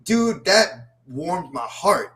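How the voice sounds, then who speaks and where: A man co-hosting a wrestling podcast in casual chat, animated and rambling through lists of names. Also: high voice, drawn-out words. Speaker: podcast co-host.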